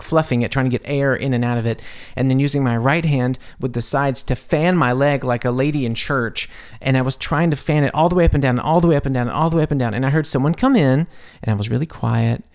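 A man hosting a podcast from his home studio, telling a long personal story in a rambling way with asides, his voice jumping up when he quotes himself. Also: clear, resonant tone. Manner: animated, jumps high when quoting himself. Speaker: podcast host. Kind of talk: casual storytelling monologue.

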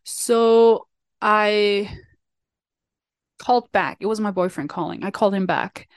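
A young Swiss woman vlogger chats casually with her viewers, telling a self-deprecating story full of fillers and false starts. Her voice is medium-pitched, slow and smooth, with no room sound in the recording.

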